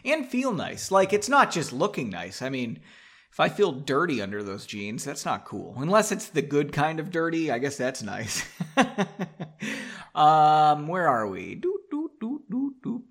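A man's voice: fairly high pitch, big pitch swings, unhurried, a bit bright. A man casually reading his own book aloud, mocking his writing and swearing freely.

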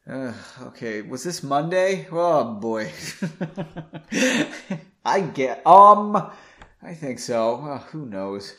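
A man's voice: mid-range voice, very animated, very slow, pauses often, a bit bright. A man reading a story aloud and breaking off into sarcastic, laughing commentary. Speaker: reader.

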